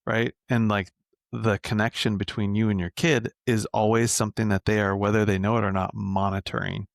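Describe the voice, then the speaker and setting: A men's coach being interviewed on a podcast speaks conversationally, repeatedly tagging "right?" onto his points and swearing occasionally. His lowish, gravelly voice stays level and fairly quick, in a dry, clean studio recording.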